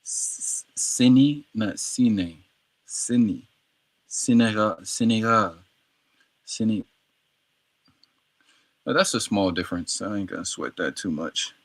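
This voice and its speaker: A man with a somewhat low voice talks through his language practice on a livestream. He repeats each word several times and drops in easy slang between tries. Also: a little slow, pauses often, a bit bright. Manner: repeats words over and over, slangy and playful. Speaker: streamer learning Arabic.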